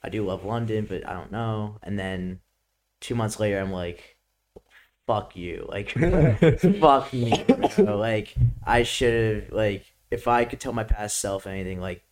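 A man's voice: fairly low pitch, steady tone, moderate pace. A young man from Brooklyn with a New York accent, chatting casually as a guest and laughing often. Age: young adult. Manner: laid-back, laughing, lots of "like". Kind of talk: casual chat.

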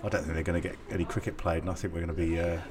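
A man's voice: low voice, fairly even intonation, rapid-fire, crowd noise. A man co-hosting a podcast in casual chat, rambling and correcting himself with dry humour. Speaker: podcast co-host.

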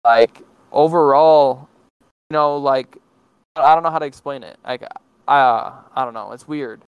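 A man's voice: medium pitch, unhurried, smooth, no room sound, low-quality recording. A young man of nineteen chatting casually as a podcast guest, hesitant and full of fillers and restarts. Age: teens. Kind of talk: casual chat.

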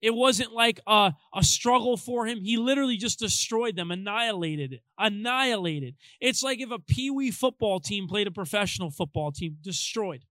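A man's voice: sits high, animated, moderate pace, few pauses, fairly bright tone, no echo, low-quality recording. A young adult man, a pastor, talking casually, emphatic and joking. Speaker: youth pastor. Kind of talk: casual chat.

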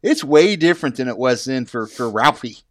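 A man's voice: mid-range voice, expressive, fairly quick, dry recording, clean studio sound. A married man with kids, chiming in casually with side remarks in a group conversation. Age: married adult with kids. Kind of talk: casual chat.

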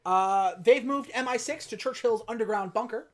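A woman's voice: on the high side, moderate pace. Casual profane woman recapping a film. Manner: profane, deadpan, drops into quoted voices. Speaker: podcast co-host recapping a film.

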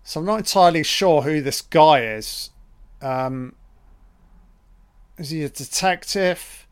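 A man with a slightly high, crisp, clear voice talks slowly through a film commentary. He swears freely and reacts with excitement to the scenes.

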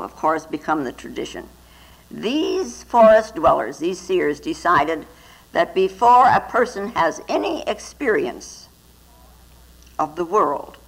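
A woman's voice: deep voice, vocal fry, husky, poor audio. A woman Zen teacher giving a dharma talk, telling stories and often adding little tag questions. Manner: storytelling with frequent tag questions.

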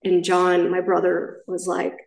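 A woman's voice: lowish voice, monotone, measured pace, creaky, a little mellow, far from the mic. Middle-aged woman, main speaker at a recovery meeting; candid, rambling share with restarts; picked up from afar in a reverberant room. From Southern California. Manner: candid, rambling storytelling with self-corrections.

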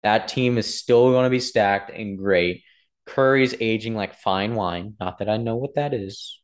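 A man's voice: lowish voice, measured pace. A young man chatting casually about basketball, rambling and correcting himself as he talks to his viewers. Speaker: sports vlogger. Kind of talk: casual sports commentary.

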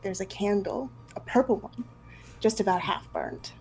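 A woman narrating as game master of a tabletop role-play, relaxed and quick to laugh. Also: medium pitch, a little hiss or hum, rough recording.

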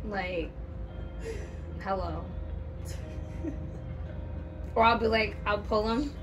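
A woman's voice: mid-range voice, a little slow, recorded from a distance, dull audio, over music. A woman co-hosting a podcast in casual chat, playful and teasing, laughing often. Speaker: podcast co-host.

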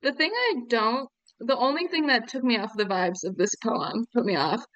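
A woman co-hosting a podcast, trading dry, teasing jokes. Her voice sits a little above the usual pitch for a woman. The mic is close and dry, with no room sound. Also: normal speed, dry recording, dull audio. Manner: teasing, deadpan banter. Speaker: podcast co-host. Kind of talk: casual podcast chat.

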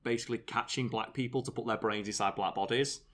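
A man co-hosting a podcast in casual chat, talking in an animated, sarcastic way with plenty of fillers. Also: mid-range voice, quick pace. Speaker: podcast co-host.

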